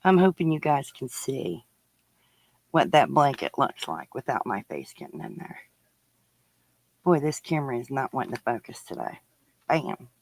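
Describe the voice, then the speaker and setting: A woman's voice: very deep voice, big pitch swings, normal speed, vocal fry, pauses often, darkish tone, low-quality recording. A woman hosting her crafting channel, chatting casually to viewers as she opens their parcels, gushing and giggling often. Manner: thinks aloud while unwrapping. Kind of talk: casual unboxing chat to viewers.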